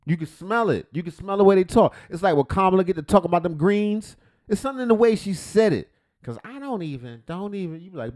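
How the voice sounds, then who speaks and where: A man's voice: high voice, expressive, quick pace, a little mellow. A man hosting a comedic livestream reaction, rambling, swearing and joking. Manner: rambling, profane, joking, self-interrupting. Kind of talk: casual comedic reaction commentary.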